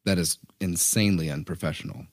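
A man co-hosting a podcast, thinking aloud in a casual, animated way and often checking in with "you know what I mean?". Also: low-pitched, brisk, no echo, clean studio sound. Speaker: podcast co-host. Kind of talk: casual chat.

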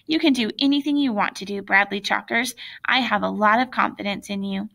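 A woman's voice: medium pitch, a little fast, gravelly, pushed and bright. A woman voicing a kind school counselor in a children's audiobook, firm and encouraging. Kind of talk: audiobook read-aloud of a children's novel.

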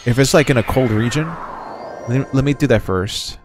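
A young man giving casual, excitable gameplay commentary as a streamer, chatty and slangy, reading game text aloud. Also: medium pitch, fairly quick, over music. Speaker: gaming streamer.

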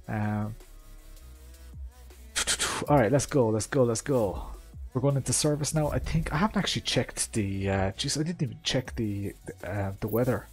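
With a medium-pitched, darkish voice that has a breathy edge, a man streams himself playing a rally sim. His live commentary is chatty and meandering, thick with fillers and asides aimed at chat.

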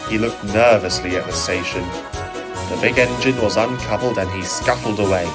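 A man reads a storybook aloud in a measured, very unhurried voice. His voice sits on the low side. Clear music plays beneath him. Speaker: narrator. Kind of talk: storybook audio reading.

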